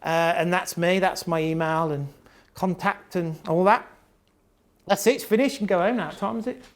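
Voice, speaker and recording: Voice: medium pitch, moderate pace. A parent with a British accent giving a live talk to an audience on autism and behaviour, chatty and blunt, laughing often and swearing casually. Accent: British English. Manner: chatty, jokey, laughs often, acts out quotes.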